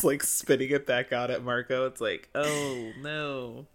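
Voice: mid-range voice, fairly even intonation, measured pace, few pauses. A podcast co-host chatting casually, with wry, joking asides and exaggerated reactions. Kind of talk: casual recap chat.

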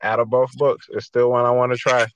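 A man co-hosting a casual podcast, excitable and often repeating himself. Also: medium pitch, brisk, clean tone, no room sound, lo-fi sound. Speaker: podcast co-host.

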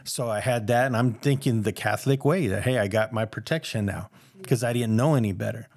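A man's voice: fairly low pitch, a little fast, a little mellow, no echo, clean studio sound. A man sharing his personal testimony in a casual, earnest, rambling way, acting out the voices of people he quotes.

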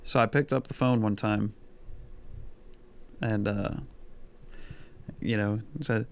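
A man's voice: fairly low pitch, fairly even intonation, slow pace, long pauses, a little hiss or hum. A man chatting casually as a podcast co-host, telling stories in a rambling, hesitant way with lots of fillers. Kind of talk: casual chat.

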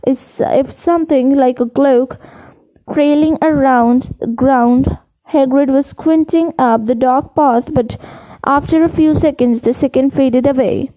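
Slow, high-voiced woman reading a storybook. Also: lo-fi sound. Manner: steady read-aloud with occasional slips. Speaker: audiobook reader. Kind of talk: storybook narration.

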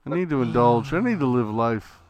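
A man's voice: medium pitch, animated, brisk, a crowd in the background. A man co-hosting a podcast, teasing the others with laid-back profanity in casual banter. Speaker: podcast co-host.

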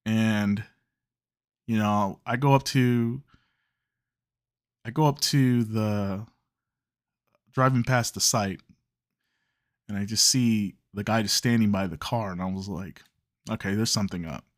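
A man's voice: lowish voice, fairly even intonation, a little slow, long pauses, dry recording, clean studio sound. A man from Chicago, hosting a podcast, telling a long story in a loose, rambling way, correcting himself and swearing casually. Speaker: podcast host.

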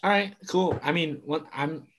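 Halting, teasing male podcast co-host. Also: a little high, a bit bright, slight background noise. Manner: teasing, halting, trails off often. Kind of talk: casual chat.

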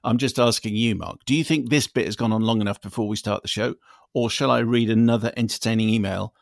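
Male podcast co-host, gravelly mid voice, dry teasing delivery, dead-dry home room. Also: mid-range voice, fairly even intonation, dry recording. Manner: dry, teasing, reads aloud deliberately. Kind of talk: casual chat and reading listener emails.

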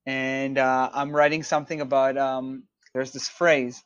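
A man's voice: mid-range voice, little pitch movement, a little slow, smooth, no echo. A man from Israel, a composer guest in a casual interview, explaining his work thoughtfully with many fillers and restarts.

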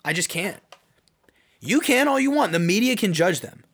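A man's voice: sits high, sing-song, moderate pace, a bit bright. A man hosting his own podcast, giving an earnest, rambling personal opinion monologue full of restarts. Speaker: podcast host and youth basketball coach.

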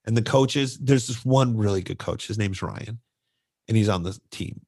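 A man's voice: on the low side, normal speed, darkish tone, husky. A middle-aged man, co-hosting a casual podcast and animatedly telling a youth baseball story, acting out the voices of kids and coaches.

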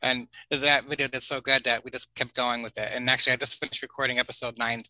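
A man in his forties talks as a podcast guest, rambling through his stories with plenty of fillers and soft laughs. His voice is strikingly bright, and it sounds dry and close with no room around it. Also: mid-range voice, little pitch movement, quick pace, dry recording, poor audio. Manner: rambling and chatty, with filler words and chuckles. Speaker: podcast guest, family video creator. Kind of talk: casual storytelling interview.

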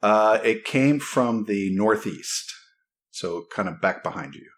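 Low-ish guy dm, slow and easygoing, chuckles a lot. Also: lively intonation. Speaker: game master. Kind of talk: narrating a tabletop game.

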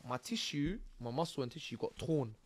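A young man, telling his own stories as a podcast guest in a lively, slang-filled way and acting out scenes as he goes. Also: a little high, normal speed, a crowd in the background. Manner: animated, slang-heavy, acts out scenes. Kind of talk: casual storytelling interview.

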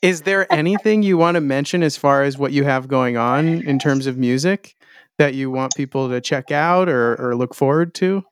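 Supportive interview host, quiet backchannels, dry recording. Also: mid-range voice, normal speed, clear, resonant tone, no echo. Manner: supportive, frequent soft backchannels. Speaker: podcast host. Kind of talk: casual interview chat.

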